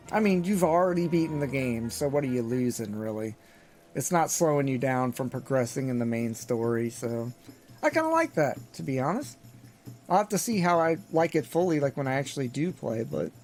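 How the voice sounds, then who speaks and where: A man streaming a game live, chatting in a relaxed, casual way with fillers. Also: fairly high pitch. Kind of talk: casual live gaming chat.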